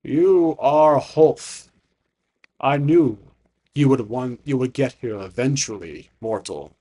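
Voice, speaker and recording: A man voicing a slow, grave dying dragon. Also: medium pitch, warm tone. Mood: solemn. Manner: slow, grave, measured speech. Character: ancient dying male dragon, solemn and all-knowing.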